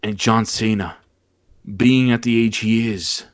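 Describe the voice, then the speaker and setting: Speaking at a measured pace in a voice on the low side, a man hosts a laid-back wrestling recap podcast. He tells the story energetically, mimicking wrestlers with exaggerated voices while stumbling and repeating words, all with no room sound.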